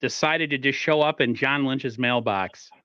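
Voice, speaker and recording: A man's voice: medium pitch, unhurried, bright, forceful tone, smooth, no room sound, lo-fi sound. A man hosting a live sports talk stream, chatting loosely and with lots of fillers. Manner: loose, filler-heavy chat. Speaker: podcast host.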